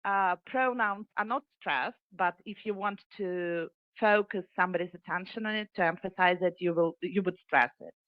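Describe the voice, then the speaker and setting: A woman's voice: fairly low pitch, normal speed, few pauses, dry recording. Woman, course participant, hesitant, lots of fillers, dry muffled call sound. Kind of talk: answering in an online class.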